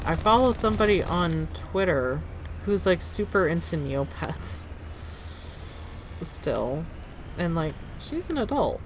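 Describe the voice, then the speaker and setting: A woman in her thirties, live-streaming a game and chatting in a casual, animated way that reacts loudly to the game. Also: fairly low pitch, noisy background.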